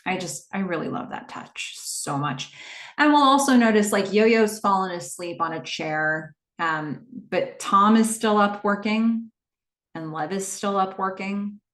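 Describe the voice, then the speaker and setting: A woman podcast host chatting through a casual, animated recap of a TV episode, with plenty of fillers. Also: medium pitch, unhurried, echoey room.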